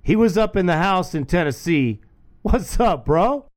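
A man's voice: high-pitched, expressive, unhurried, noisy background. A man hosting a sports call-in radio show, talking casually and calling the callers brother and bro.

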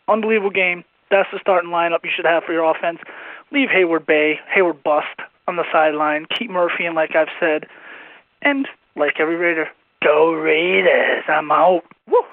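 A man's voice: a little high, no room sound. A male caller, hyped and cheering for his team. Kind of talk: recorded fan call-in. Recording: tinny phone line.

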